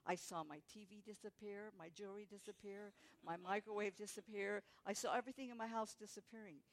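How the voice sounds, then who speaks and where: A woman's voice: mid-range voice, steady tone, fairly quick. A woman stands before a church congregation and shares her personal testimony. Her voice sits in a natural middle range. She slips into the voices of the people in her story as she tells it. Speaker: guest speaker giving testimony.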